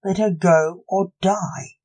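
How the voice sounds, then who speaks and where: A reader voicing a stern old male necromancer, a grandfather, in slow, measured storybook speech. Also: mid-range voice, fairly even intonation, darkish tone, poor audio. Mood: threatening.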